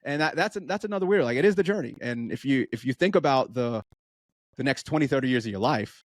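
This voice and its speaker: A running coach in his thirties makes relaxed podcast conversation, animatedly recounting stories and voicing what his runners tell him. He speaks in a mid-range voice, and the recording is dry and studio quality.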